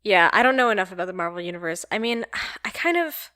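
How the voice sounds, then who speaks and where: A woman's voice: medium pitch, fast talker, clean tone, no room sound. Brief: female podcast co-host, easygoing and laughing, dry close mic. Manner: laughs easily, relaxed and friendly. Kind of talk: casual chat.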